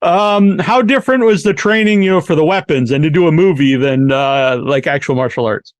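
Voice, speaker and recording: A man's voice: on the high side, a little fast, no room sound. A man from Massachusetts hosting a podcast, asking questions with hesitant uhs. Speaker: podcast host. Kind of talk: interview questions.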